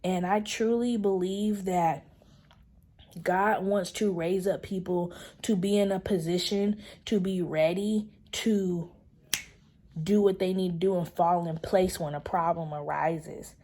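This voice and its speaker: Low, warm-voiced woman chatting to her viewers. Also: fairly even intonation, a little slow. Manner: chatty and earnest, addresses viewers as y'all, slips into soft whispered asides. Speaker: vlogger. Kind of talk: casual chat to camera.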